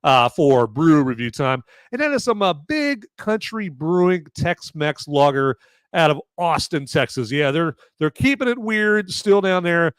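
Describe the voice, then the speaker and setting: A man with a slightly high voice talks through a sore throat, rambling and joking on a casual live show. His voice sounds smooth and clear despite the sore throat. The sound is dry and close to the mic. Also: very animated, unhurried, no echo. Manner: rambling, jokey, many fillers and restarts. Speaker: podcast host reviewing beer. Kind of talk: casual live-stream chat.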